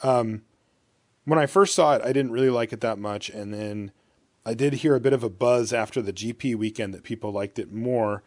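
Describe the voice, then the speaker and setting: A man's voice: mid-range voice, normal speed, darkish tone, no room sound. A man co-hosting a podcast, leading a casual card-game chat and reading out card text. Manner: leads the discussion, reads out card text. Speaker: podcast co-host.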